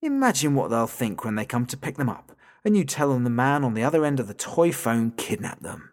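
A man voicing a sinister unseen entity speaking through a toy phone, slow, soft and mocking, in an audiobook story. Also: medium pitch, very animated. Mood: menacing. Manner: taunting, soft and slow, drawing out the listener's name. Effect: tinny and thin through a phone.

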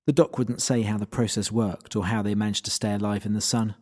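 A man's voice: lowish voice, steady tone, brisk. A man narrating a first-person story in a wry, dry, laid-back manner.

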